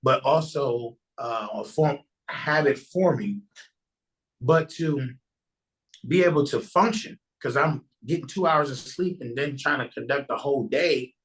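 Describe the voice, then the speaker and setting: A man speaking as a podcast guest, recounting a personal testimony in an earnest, conversational tone. His voice sits at an ordinary middle pitch for a man. He circles back and restarts his sentences as he goes. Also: unhurried, a bit bright, poor audio.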